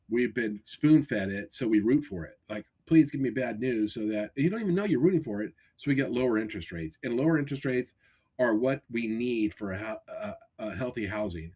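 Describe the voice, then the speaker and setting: Husky-voiced man hosting a podcast. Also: on the low side. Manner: energetic, coaching tone with frequent restarts. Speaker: podcast host. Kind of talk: casual podcast discussion. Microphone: remote call. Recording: glitchy remote call audio.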